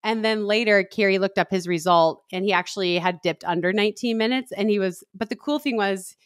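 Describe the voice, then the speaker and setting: Animated woman telling a story, dry sound. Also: fairly quick, no echo. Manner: animated storytelling, acting out quotes in a high voice. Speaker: podcast co-host. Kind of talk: casual chat.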